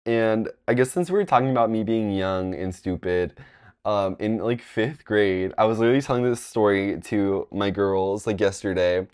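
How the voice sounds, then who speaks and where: A young man telling a casual storytime, rambling with lots of fillers and jumping into high, loud voices when he quotes people. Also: normal speed, clean tone. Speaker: vlogger.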